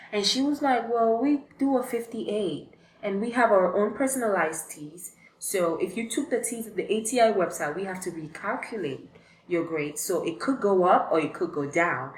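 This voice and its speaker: A woman's voice: medium pitch, animated, moderate pace. A young woman, telling a story in a casual, chatty vlog with lots of fillers. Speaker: vlogger. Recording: echoey room.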